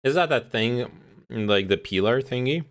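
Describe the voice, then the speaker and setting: A man's voice: medium pitch, expressive, measured pace, a bit bright. A man livestreaming and reacting to a video, chatting casually, swearing freely, and talking while he eats. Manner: chatty, swears often, laughs, talks while eating. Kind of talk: casual chat.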